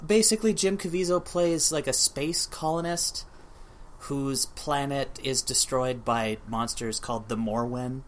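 Man, podcast co-host, mid-pitched, quick talk, dry humor, excited. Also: a little hiss or hum. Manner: quick, enthusiastic, dry jokes. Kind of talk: casual movie chat.

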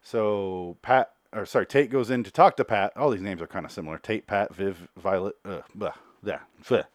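A man's voice: lowish voice, normal speed, no echo, clean studio sound. A man giving a casual, rambling, sarcastic TV episode recap and swearing freely. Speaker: TV recap host.

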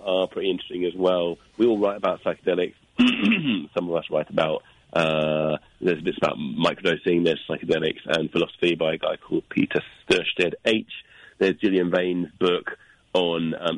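Man, deep voice, guest author, rambling, filler-heavy. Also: low-quality recording. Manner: rambling, plugs books with many fillers. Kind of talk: casual radio interview.

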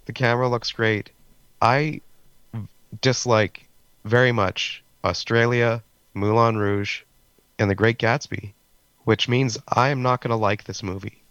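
A man gives blunt, opinionated takes in casual podcast chat. His mid-pitched voice comes through a dull, lo-fi channel, and the sound is dry. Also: steady tone, measured pace, long pauses, a bit bright, no room sound.

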